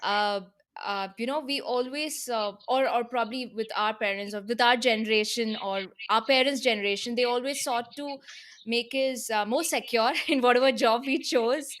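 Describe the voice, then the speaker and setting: A woman hosts the interview in a slightly high voice. She is agreeable and polite, and she fills her sentences with hesitant "uh" and "you know". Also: normal speed, fairly bright tone. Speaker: host. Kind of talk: casual interview conversation.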